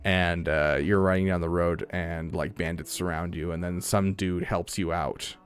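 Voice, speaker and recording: A man's voice: deep voice, fairly even intonation, moderate pace. A man streaming live, chatting casually with his viewers, rambling, restarting his sentences and laughing often. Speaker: streamer reading chat.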